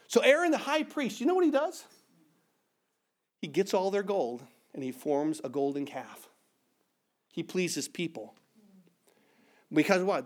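A man preaching a sermon as pastor, reading scripture aloud and rising for emphasis, with frequent restarts and repeated words. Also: high-pitched. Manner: stumbles and repeats words when searching.

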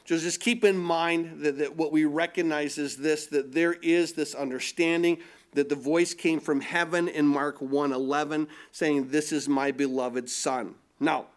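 A man's voice: a little high, fairly even intonation, measured pace. A man preaching a sermon, asking his listeners rhetorical questions and often repeating words as he builds his points. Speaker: pastor.

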